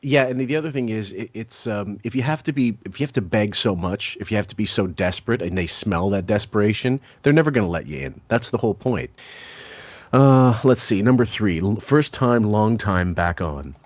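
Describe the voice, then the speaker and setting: A man hosting a casual podcast, blunt and quick to curse, laughing between points. His voice sits low, and the recording is dry and close, with no room sound. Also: animated, no room sound. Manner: laughs often, blunt and profane. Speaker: podcast co-host.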